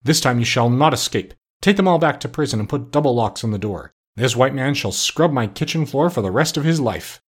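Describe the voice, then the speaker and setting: A man's voice: mid-range voice, expressive, brisk, few pauses, husky. A man playing a gloating, stern king. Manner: commanding, gloating.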